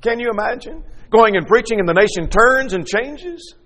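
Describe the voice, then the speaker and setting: A man preaching a sermon, reading scripture aloud and explaining it, rising into loud dramatic lines and falling to quiet asides. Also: moderate pace, long reverb tail. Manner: expressive, acts out scripture with rising pitch and drops to quiet asides.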